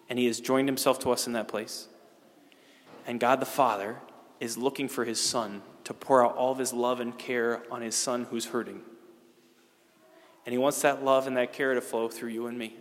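A middle-aged priest giving a homily in a conversational way, with casual fillers and restarts. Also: male voice, mid-range voice. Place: church. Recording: long church reverb.

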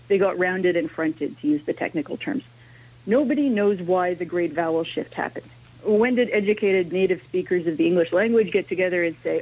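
A woman's voice: fairly low pitch, darkish tone. Woman linguist explaining on lo-fi radio. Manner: explanatory, lecturing. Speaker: guest linguist, language history teacher. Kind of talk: radio interview. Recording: dull lo-fi radio sound.

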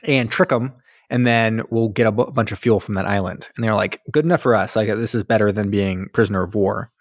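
A podcast co-host with a lowish voice talks briskly in a clean studio recording with no echo. Retelling a war film in casual chat, he animatedly acts out characters' lines, swearing and laughing.

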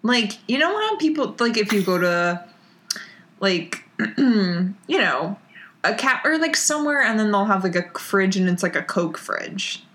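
A woman's voice: medium pitch, big pitch swings, a bit bright. An American woman recapping a TV episode in casual chat, laughing often and filling with "like". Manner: giggly, filler-heavy, drawn-out storytelling. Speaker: podcast co-host recapping a TV episode.

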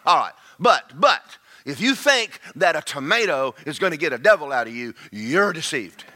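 A male pastor preaching a sermon, folksy and fervent, swinging from quiet asides to shouting. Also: a little high, big pitch swings, moderate pace.

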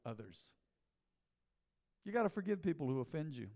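Preaching pastor in a reverberant hall. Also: male voice, fairly high pitch, normal speed. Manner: animated preaching, rising and falling dynamics, calls to the congregation. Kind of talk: sermon. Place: large church hall.

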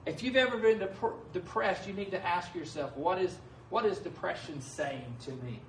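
A man's voice: high-pitched, normal speed, slight background noise. A male pastor preaching a sermon in a conversational way, often asking his listeners "right?". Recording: echoey room heard from a distance.

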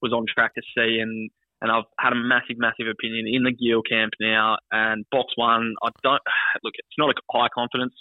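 A man co-hosting a casual greyhound tips chat, talking in quick, halting bursts and repeating words. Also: mid-range voice, little pitch movement, no room sound. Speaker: greyhound racing tipster co-host. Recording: tinny phone line.

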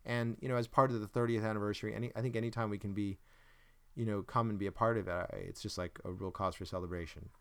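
Smooth-voiced man rambling in casual chat. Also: lowish voice, steady tone, quick pace, fairly bright tone. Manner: rambling, searches for words, self-deprecating jokes. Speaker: podcast host.

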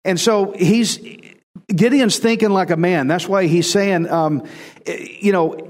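A man preaching in a relaxed, chatty way, his voice sitting a little higher than most men's. He is animated and doubles back on words to drive home a point. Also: takes it slowly, in a large hall. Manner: animated, repeats words for emphasis. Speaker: pastor. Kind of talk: conversational sermon.

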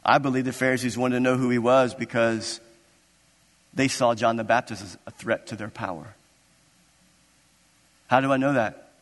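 A man's voice: medium pitch, steady tone, moderate pace, pauses often, long reverb tail. A man preaching a sermon as pastor, impassioned and building into emphatic, repeated declarations.

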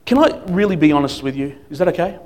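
A man's voice: on the high side, expressive, fast. Emphatic man preaching a sermon. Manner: emphatic, swings between loud declarations and quiet asides. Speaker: guest preacher. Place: church service.

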